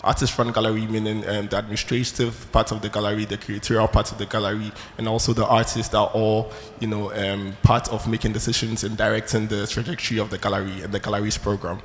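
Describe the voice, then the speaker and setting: A man introducing himself as a gallery director on a panel in a large hall, formal and measured. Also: on the low side, little pitch movement. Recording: long hall reverb, faint noise.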